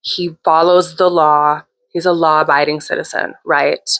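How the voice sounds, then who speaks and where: A woman with a slightly low-pitched voice hosts her own show and tells a personal story. She talks in a loose, chatty way. She is frank and swears freely. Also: flat delivery, a little slow, fairly bright tone. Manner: candid, profane, chatty. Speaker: host. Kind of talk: casual storytelling.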